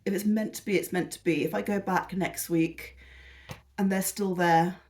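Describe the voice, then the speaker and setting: A woman's voice: lowish voice, fairly even intonation, normal speed, a little mellow. A British woman vlogger talking casually through a haul video, rambling, gushing and poking fun at herself, a little tired. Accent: British English. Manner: rambling, self-deprecating and gushing. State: tired and lethargic.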